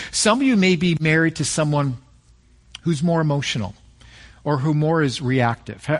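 Middle-aged guy pastor giving a sermon, kinda high voice, talks casual, gets animated. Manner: conversational storytelling with animated peaks.

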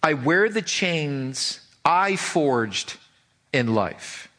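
A man's voice: on the high side, expressive, drawn-out words, a bit bright, exaggerated voice. A man reading aloud the lines of a tormented old male ghost in chains, declaiming with anguish.

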